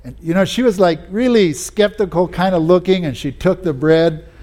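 In a high-pitched, darkish voice at normal speed, a preacher relates personal stories during his sermon. His delivery is folksy, full of "you know"s and sentences he starts over.

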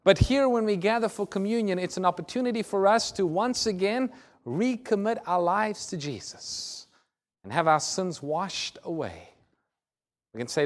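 A man's voice: lively intonation, normal speed. Earnest preacher man telling a story. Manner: earnest storytelling, voice drops soft and low in tender moments. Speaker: pastor. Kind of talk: sermon.

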